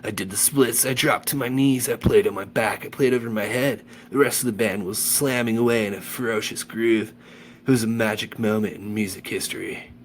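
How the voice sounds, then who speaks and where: A man reading a children's novel aloud with animated enthusiasm, then chatting about the chapter. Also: fairly low pitch, a little fast, slight background noise. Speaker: audiobook reader.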